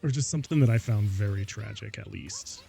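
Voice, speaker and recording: A man's voice: on the low side, fairly quick, vocal fry, mellow, soft background music. A man streaming live, chatting casually and rambling, often laughing between thoughts and saying "like" and "y'all" a lot.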